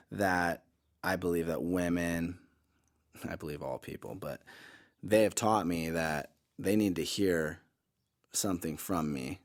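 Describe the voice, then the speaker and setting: A middle-aged man co-hosting a podcast, talking casually and rambling with many fillers and restarts. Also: low-pitched. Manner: rambling, self-correcting, lots of "like" and "you know". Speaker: podcast co-host. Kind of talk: casual conversation.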